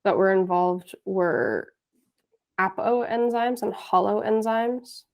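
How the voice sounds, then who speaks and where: A woman's voice: medium pitch, slow, gravelly. A woman student on a video call, asking questions hesitantly and searching for words. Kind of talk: asking questions in a tutoring session.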